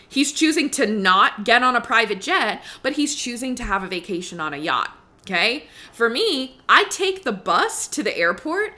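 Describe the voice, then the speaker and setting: Bright, chatty woman podcast host. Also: fairly high pitch. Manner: chatty and emphatic, heavy on "like" and "right?", swears freely. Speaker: podcast host and money coach. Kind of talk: casual podcast monologue.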